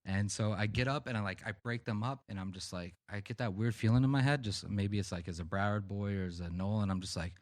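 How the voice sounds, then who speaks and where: A man's voice: lowish voice, fast, few pauses, no echo, studio quality. A man on a podcast telling a profane, rambling story in casual chat. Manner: rambling, profane, animated anecdotes. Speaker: podcast co-host.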